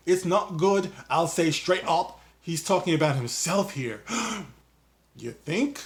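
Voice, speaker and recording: A man's voice: fairly high pitch, animated, slow. A man hosting a commentary vlog, reading an article aloud and ranting at its subject as if addressing him directly. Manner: reads an article aloud and riffs on it. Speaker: YouTube commentator.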